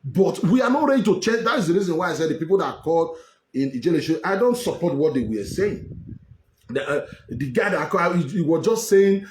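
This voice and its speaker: A man's voice: a little high, very animated, brisk, a little hiss or hum. A Nigerian man hosting an online political show, scolding his listeners and repeating himself as he argues. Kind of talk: heated political commentary. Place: home in Europe. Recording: echoey room with faint ambience.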